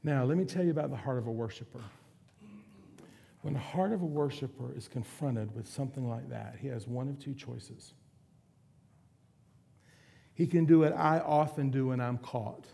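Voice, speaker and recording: A man's voice: medium pitch, normal speed, gravelly, pauses often, mellow. A man preaching a sermon, retelling a story in a casual, conversational way. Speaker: pastor.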